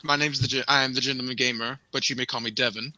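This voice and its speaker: A man's voice: mid-range voice, fairly even intonation, fast talker, sharp tone, poor audio. A man from Texas, introducing himself in a jovial, slightly formal way as a guest on an online panel. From Texas, United States. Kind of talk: casual chat.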